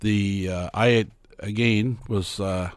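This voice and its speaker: A man's voice: lowish voice, steady tone, slow, smooth, no echo, clean studio sound. A man co-hosting a radio sports talk show, joking wryly and telling stories in casual chat. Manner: wry, joking, storytelling asides.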